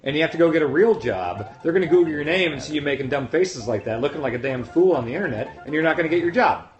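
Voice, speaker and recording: A man's voice: fairly high pitch, lively intonation, racing, highs cut off, a crowd in the background. A man giving casual livestream commentary, brash, profane and mocking. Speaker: streamer who built the level.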